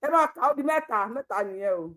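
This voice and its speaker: The recording is very noisy as a Nigerian woman runs casual live commentary on her own channel. She speaks quickly in a high, expressive voice, laughing plenty and mixing Yoruba with pidgin English.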